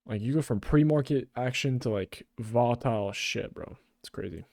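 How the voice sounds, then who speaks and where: A young man giving casual, excitable live trading commentary, swearing often and calling people "bro". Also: medium pitch, moderate pace, creaky, dry recording, clean studio sound. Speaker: day trader.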